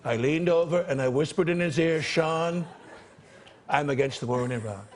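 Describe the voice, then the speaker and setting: An actor playing a brash, boastful president in a sketch comedy impression, with pouty, drawn-out phrasing. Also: male voice, a little high, lightly acted. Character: brash, boastful male president, late middle-aged. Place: TV studio stage with live audience. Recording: noisy broadcast TV audio.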